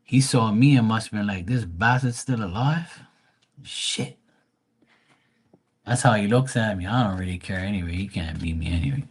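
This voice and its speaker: A man's voice: on the low side, fairly even intonation, quick pace, few pauses, breathy edge. A man hosting a live tarot stream, telling stories bluntly with lots of swearing and mocking asides while reading the chat. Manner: profane, blunt storytelling. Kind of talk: casual livestream chat.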